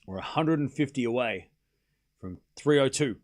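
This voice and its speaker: Male stream host, casual tennis watchalong, lively pitch that jumps on big points. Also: moderate pace. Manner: chatty, jumps between calling points and thanking viewers. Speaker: livestream host.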